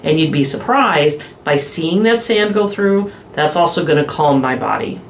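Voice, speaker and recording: A woman specialist in children's behavior explaining calming strategies in a podcast interview, slowing down gently when she models soothing phrases. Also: low-pitched, slight background noise. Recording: echoey room with faint ambience.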